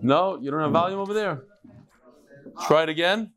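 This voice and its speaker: A man's voice: fairly high pitch, moderate pace, loud music behind the voice. A man hosting a daily Talmud class, greeting guests in a study hall and reading emails aloud in a chatty, playful way. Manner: energetic, chatty, calls out to guests in the room. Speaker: Talmud teacher.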